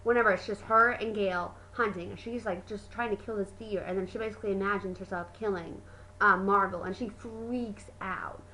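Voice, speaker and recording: A young woman gushing excitedly in a casual video review, full of fillers and exclamations. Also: medium pitch, fairly quick, slight background noise, low-quality recording. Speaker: book and movie vlogger.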